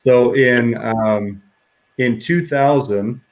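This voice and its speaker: Chuckling middle-aged man, halting speech. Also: medium pitch, highs cut off. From New Mexico, USA. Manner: halting, restarts phrases, laughs often. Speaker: minister, interview guest. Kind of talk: casual heartfelt conversation. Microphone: video call.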